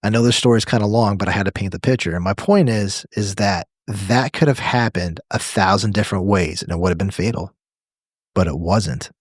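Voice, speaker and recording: A man's voice: lowish voice, a little fast, no echo, clean studio sound. A man co-hosting a podcast, telling a story with emphasis and answering his own questions. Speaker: podcast co-host.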